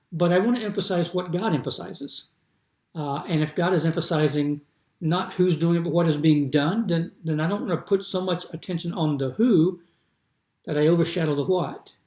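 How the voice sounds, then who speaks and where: A man gives a recorded lecture in a steady, explanatory way and works through his examples slowly. His voice sits a little high. The room around him is echoey. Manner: explanatory, repeats examples with stress shifts. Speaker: instructor.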